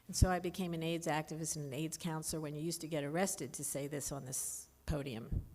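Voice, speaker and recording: Candid woman in her fifties, lowish voice. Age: 50s. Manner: candid, animated storytelling. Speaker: recovery meeting speaker. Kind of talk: personal recovery talk at a meeting.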